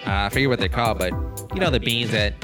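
A man co-hosting a podcast in casual banter, cracking deadpan, absurd jokes. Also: fairly low pitch, fast talker, music in the background. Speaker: podcast co-host.

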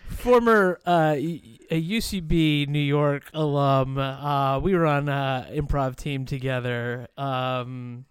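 A man's voice: medium pitch, steady tone, slow pace, few pauses, clean tone, dry recording, studio quality. A man hosting a podcast over a video call, rambling with many fillers and frequent swearing. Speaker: podcast host.

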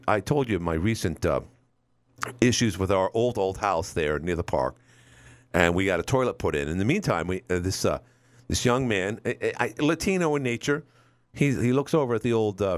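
A middle-aged man hosting a call-in radio talk show, rambling through stories and acting out quotes. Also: low voice. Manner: rambling storyteller, acts out quotes.

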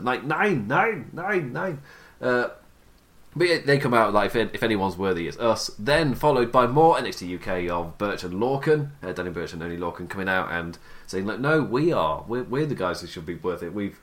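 A man giving a casual, chatty recap of a wrestling show, with frequent laughs and quick asides. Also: fairly low pitch, fairly bright tone.

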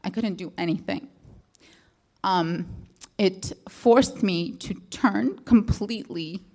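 A woman's voice: mid-range voice, darkish tone. A woman from the audience sharing a personal story at a question session, hesitant and rambling, with many fillers and restarts. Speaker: audience member asking a question.

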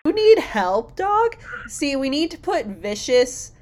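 A young woman chatting casually with a friend, her voice sitting a little high. She talks animatedly, swears freely and jumps into loud acted-out quotes. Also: sing-song, slow. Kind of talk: casual chat.

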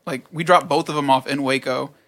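A man's voice: medium pitch, fairly even intonation, a little fast, a bit bright. A man co-hosting a podcast, venting bluntly about work with heavy swearing. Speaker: podcast co-host. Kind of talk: casual chat.

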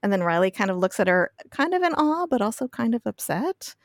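A woman's voice: on the high side, big pitch swings, brisk, no echo, studio quality. A woman casually recapping a TV episode on a podcast, laughing often and acting out the characters' lines. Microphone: podcast mic.

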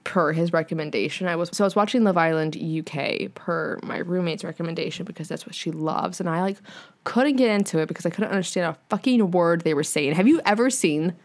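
A woman's voice: fairly low pitch, a little fast. Chatty, swearing woman podcast host. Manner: chatty, swears casually, lots of fillers. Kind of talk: casual chat.

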